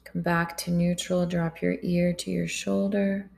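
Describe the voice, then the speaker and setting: Yoga instructor, woman, low flat delivery, calm soft cueing of breaths. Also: unhurried, creaky, low-quality recording.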